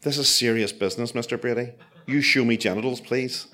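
A man's voice: medium pitch, fairly quick, sharp tone, lightly acted. A man voicing a tiny, brusque woman doctor with a Chinese accent, giving blunt orders in clipped broken phrases.

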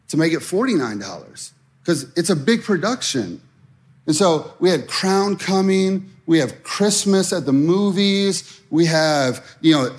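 A middle-aged man preaching a sermon in a conversational way, voicing worried prayers as he goes. His voice sits high, and he takes his time over the words. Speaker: pastor.

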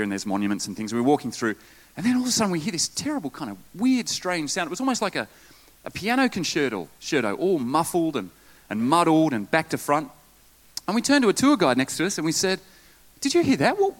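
Lively, animated male preacher. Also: mid-range voice. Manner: lively preaching with asides and jokes. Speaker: pastor. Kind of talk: sermon.

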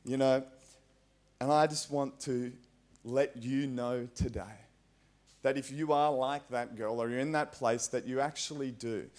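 A man's voice: medium pitch, fairly even intonation, a little slow, darkish tone. Earnest Australian man preaching. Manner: conversational, earnest, frequent fillers. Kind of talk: sermon. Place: church.

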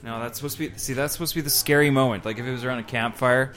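This podcast host has a medium-pitched, slightly bright voice and a steady tone, delivering rapid-fire. He reads a spooky story aloud for his friends, laughing and dropping in casual asides.

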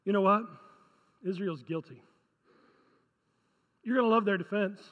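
A man's voice: sits high, measured pace, big-room sound, muffled recording. A male pastor preaching a conversational sermon, often asking the congregation rhetorical questions.

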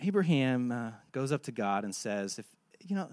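A man preaching a sermon, telling a Bible story and acting out its dialogue with animated delivery. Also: medium pitch, moderate pace, no room sound. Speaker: pastor.

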